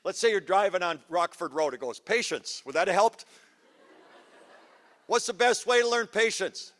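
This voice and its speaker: High-voiced man working a crowd. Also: lively intonation, normal speed, fairly bright tone. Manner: punchy, teasing, quizzes the crowd. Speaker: speaker at parent workshop. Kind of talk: energetic audience talk. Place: auditorium, live audience. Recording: live hall with long reverb.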